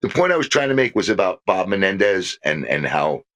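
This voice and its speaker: Older male podcast co-host, lively pitch, animated storyteller who acts out quoted voices. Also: brisk, dull audio. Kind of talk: casual political chat.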